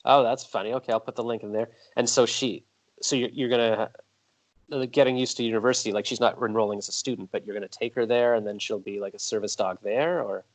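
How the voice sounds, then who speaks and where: A man's voice: mid-range voice, steady tone, fast. A man hosting a podcast, chatting casually and telling rambling stories in an interview. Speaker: podcast host.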